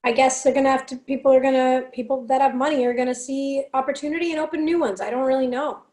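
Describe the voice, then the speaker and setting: A woman with a raspy voice, a singer guesting on a podcast, telling stories excitedly and swearing freely. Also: high voice, quick pace. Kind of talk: casual chat.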